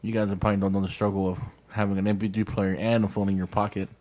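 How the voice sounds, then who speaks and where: A man's voice: lowish voice, level tone, quick pace, warm tone. A man in his thirties hosting a casual podcast, rambling and nostalgic as he tells stories. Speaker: podcast host. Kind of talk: casual chat.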